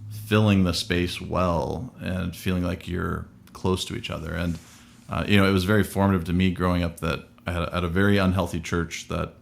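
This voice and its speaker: Man, pastor, very low voice, reflective conversational delivery. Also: level tone, normal speed, gravelly. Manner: thoughtful, searching for words. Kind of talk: casual podcast conversation.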